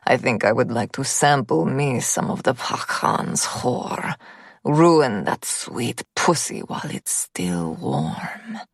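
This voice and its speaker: A woman voicing a cold, cruel male gunman with a deep voice and a heavy Russian accent, speaking slowly and leeringly. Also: lively intonation, gravelly, slightly rough, no room sound, studio quality, exaggerated voice. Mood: menacing.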